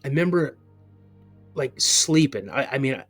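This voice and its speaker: A man of ordinary pitch tells a personal encounter story as a podcast guest. He rambles, circling back with "you know" and restarting sentences as he goes. Faint music sits underneath his voice. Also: expressive, normal speed, a bit bright.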